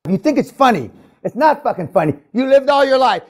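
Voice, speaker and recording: A man giving an aggressive, profane seminar rant, berating his audience and shouting often. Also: very high-pitched, animated, brisk. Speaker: business seminar speaker.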